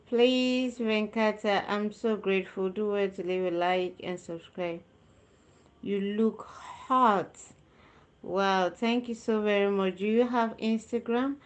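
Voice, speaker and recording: Chatty nurse lady on a live stream, reads comments out loud, repeats herself for emphasis. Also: medium pitch, fairly even intonation, slow. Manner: reads viewer comments aloud and answers them warmly. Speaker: nurse hosting a livestream. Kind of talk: casual live-stream chat.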